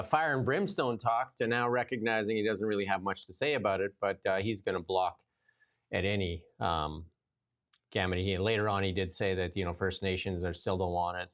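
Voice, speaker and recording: A man co-hosting a political talk show, speaking bluntly and haltingly. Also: low voice. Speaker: political commentary co-host. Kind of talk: opinionated political chat.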